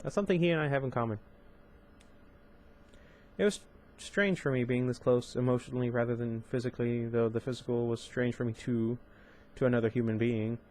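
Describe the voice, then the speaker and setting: A man's voice: medium pitch, fairly even intonation, a little fast, a little mellow. A young man reading a novel aloud on his channel, breaking off into casual, chatty asides with fillers and restarts. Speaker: audiobook reader and channel host. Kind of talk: amateur book reading with commentary.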